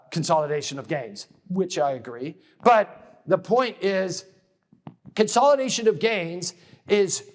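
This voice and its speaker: Male lecturer, fairly high voice, casual conference-talk delivery with frequent "okay?" check-ins. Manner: restarts and repeats words while building a point. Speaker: military studies lecturer and author.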